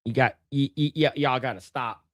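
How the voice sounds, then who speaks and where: A man co-hosting a casual livestream, spinning a long anecdote in loose, profane talk. He stumbles and restarts often, and his voice sits at an ordinary middle pitch. The sound is dry and close, with no room around it. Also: steady tone, normal speed, fairly bright tone, no echo. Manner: rambling, profane storytelling with many restarts. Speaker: podcast co-host.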